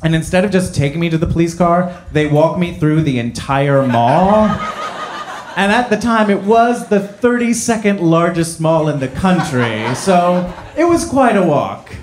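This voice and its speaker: A man from New Jersey telling a personal story live, self-deprecating and halting with many fillers. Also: fairly high pitch, expressive, background noise.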